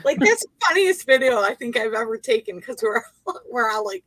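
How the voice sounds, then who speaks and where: A woman's voice: a little high, lively intonation, brisk, fairly bright tone, no room sound, rough recording. A woman hosting a casual livestream chat, playful and laughing often. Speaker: livestream host.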